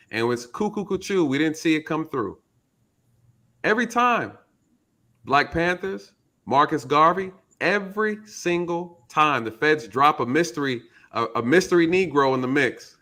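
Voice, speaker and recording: Emphatic bright-voiced man talking. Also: fairly high pitch, lively intonation, a little slow. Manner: emphatic, repeats key phrases, storytelling. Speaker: podcast host, retired police officer. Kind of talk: casual commentary.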